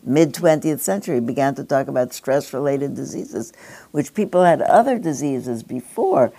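Very deep-voiced older woman, musing aloud. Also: animated, normal speed, creaky, mellow. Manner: rambling, digressive, with conversational asides. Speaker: speaker addressing a gathering. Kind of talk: reflective spoken address.

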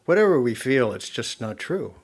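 A man shares a personal story with a listening group in a reflective spoken talk. He muses aloud, restarting and correcting himself as he goes, and breaks into soft laughs now and then. His voice sits at an ordinary middle pitch for a man. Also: big pitch swings, crowd noise. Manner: halting and self-correcting, with frequent soft laughs; musing and conversational.

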